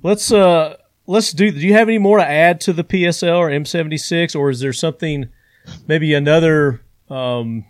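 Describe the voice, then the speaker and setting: A man hosting a casual podcast discussion, chiming in with relaxed, easygoing remarks. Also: fairly high pitch, moderate pace. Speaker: podcast host.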